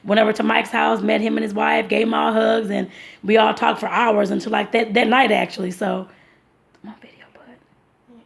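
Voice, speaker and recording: Chatty woman with a gravelly, fry-heavy voice. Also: a little high, level tone, brisk. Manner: rambling, many fillers and restarts, addresses viewers as y'all. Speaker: vlogger. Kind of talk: casual storytelling vlog.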